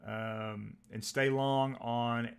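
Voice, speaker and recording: Texas-born male stream host, excitable and rambling, live stock trading commentary. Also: medium pitch, very slow, gravelly, smooth. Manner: rambling, excitable, reads out tickers.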